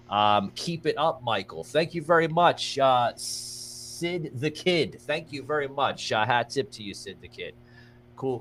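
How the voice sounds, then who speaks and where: A man's voice: mid-range voice, a bit bright. A man hosting a livestreamed podcast in a rambling, casual way, thanking viewers by name and plugging merch. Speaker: podcast host.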